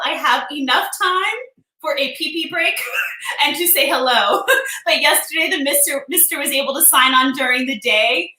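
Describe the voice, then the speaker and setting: A woman's voice: sits high, pushed and bright. A woman hosting a casual live stream, chatty and emotional, greeting viewers by name. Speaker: livestream host. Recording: echoey room.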